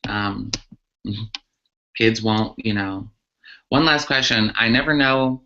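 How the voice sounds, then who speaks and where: A woman's voice: extremely low pitch, slow pace, bright, forceful tone. A woman, a transgender activist, answering questions earnestly in a live online talk, with many ums and restarts. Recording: muffled lo-fi livestream audio.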